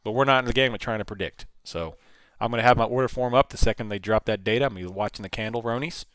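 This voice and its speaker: A man's voice: fairly low pitch, racing, a bit bright, clean tone, no room sound. A man hosting a live trading stream, talking casually and thinking aloud, often repeating and restarting his phrases. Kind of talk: casual live market commentary.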